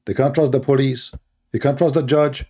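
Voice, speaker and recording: A man's voice: mid-range voice, steady tone, normal speed, warm tone. A man, talking in a casual, emphatic monologue and telling stories with lots of repetition. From Middle East. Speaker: online commentator.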